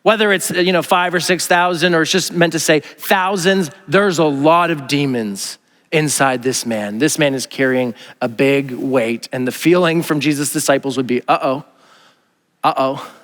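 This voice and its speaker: A man's voice: on the high side, normal speed, a bit bright. A male pastor preaching a sermon in a conversational, joking way, often acting out quotes. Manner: conversational, jokey, acts out quotes in a raised voice. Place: large church sanctuary. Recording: long hall reverb.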